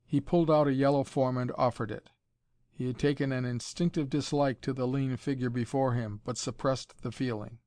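A man narrating an audiobook in an even, measured reading voice. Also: mid-range voice, dry recording, clean studio sound. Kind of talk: scripted narration.

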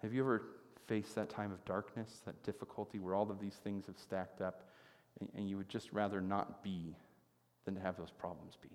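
A man's voice: deep voice, little pitch movement, moderate pace, darkish tone. Man preaching a sermon in a reverberant hall. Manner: conversational storytelling, asks listeners questions. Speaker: pastor.

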